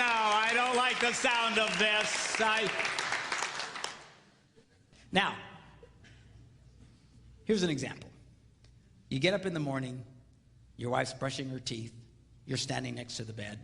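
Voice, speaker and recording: A man giving a comedic marriage seminar on stage in a large hall, playful and animated, acting out little quotes and sound effects. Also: fairly high pitch, a little slow, vocal fry, long pauses, crowd noise, background noise. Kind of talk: comedic live seminar talk. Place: large hall with live audience.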